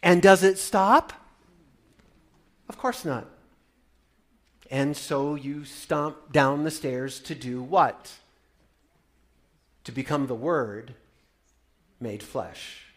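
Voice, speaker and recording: A man and parent preaching a sermon, swinging from loud proclaiming to hushed wonder, with wry, playful storytelling. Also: on the high side, drawn-out words, pauses often. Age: adult parent. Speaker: pastor.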